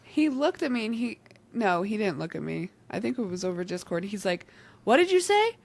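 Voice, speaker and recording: A woman's voice: medium pitch, animated, fairly quick, vocal fry, darkish tone. A young woman with a New Jersey accent, co-hosting a podcast in casual chat. She is chatty and giggly, and she acts out the dialogue she quotes. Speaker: podcast co-host.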